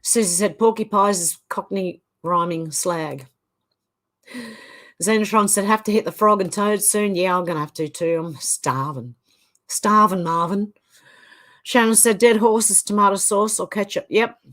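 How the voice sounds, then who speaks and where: A woman's voice: mid-range voice, unhurried, fairly bright tone. A middle-aged woman hosting a livestream, reading viewer comments aloud and chatting loosely between them. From Australia. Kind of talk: casual chat.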